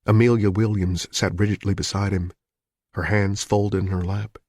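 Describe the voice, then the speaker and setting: A man reading a thriller audiobook in a measured, even storytelling manner. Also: on the low side, no room sound. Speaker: audiobook narrator. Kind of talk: scripted narration.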